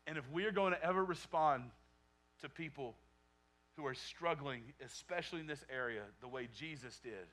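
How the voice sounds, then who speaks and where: A man preaching a sermon to his church, dropping to a near whisper and then rising to loud shouts, repeating phrases for emphasis. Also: on the high side, normal speed. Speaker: pastor.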